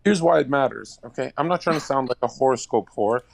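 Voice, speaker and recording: A man's voice: mid-range voice, fast, gravelly. A man calling in to a casual chat, provocative and crude, laughing at his own bits. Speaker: caller.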